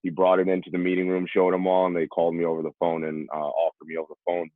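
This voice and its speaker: A man's voice: low voice, completely flat delivery, racing, a little hiss or hum. A young man from New York telling stories as a podcast guest, acting out the voices of people he quotes. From New York, USA. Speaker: podcast guest, former college running back. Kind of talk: casual storytelling. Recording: tinny phone-like remote line, dry.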